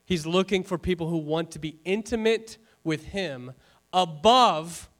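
A man preaching a sermon to his congregation, talking to the room in a lively, conversational way, with joking asides and rhetorical questions. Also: on the high side, unhurried. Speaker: pastor. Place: church before a congregation.

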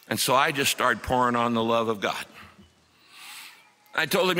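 Man, middle-aged, preacher, earnest storyteller, sharp bright tone, long hall reverb. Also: mid-range voice, animated, normal speed, pauses often. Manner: earnest, dramatic storytelling with acted quotes. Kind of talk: sermon storytelling.

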